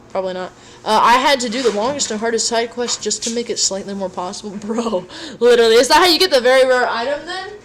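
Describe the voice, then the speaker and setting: A young woman casually chatting to her livestream audience while cooking at home, goofy and rambling, swearing now and then. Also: mid-range voice. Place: home kitchen. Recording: echoey room, mic at a distance, background noise.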